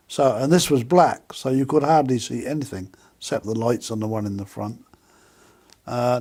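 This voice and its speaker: A man's voice: fairly high pitch, a little mellow. A man, animatedly telling a personal story and acting out the voices of people he quotes. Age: 80s. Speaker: interviewee.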